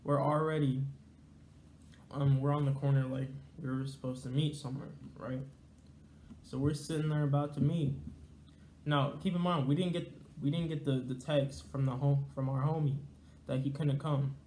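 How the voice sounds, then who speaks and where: A man's voice: medium pitch, steady tone, moderate pace, a little mellow, echoey room, a little hiss or hum. A young man telling a casual, slangy, rambling story to his viewers. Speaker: storyteller vlogger.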